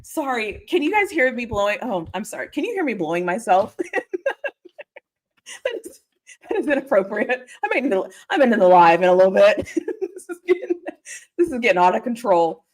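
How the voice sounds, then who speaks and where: A woman's voice: a little high, a little fast, long pauses. A young adult woman hosting a casual livestream, chatting with her viewers and laughing often. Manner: giggly, animated, laughs often. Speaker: livestream host. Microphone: desk mic.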